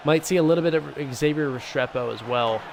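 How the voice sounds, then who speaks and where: A young man giving casual, excitable commentary over a football video game, swinging between hype and grumbling. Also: fairly high pitch, fairly quick, gravelly. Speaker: gaming YouTuber. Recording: noisy background.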